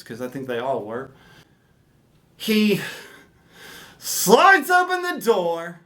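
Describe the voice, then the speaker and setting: A man from Alabama telling a comic story as a podcast host, animated and swinging from mumbled to shouted. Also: a little high.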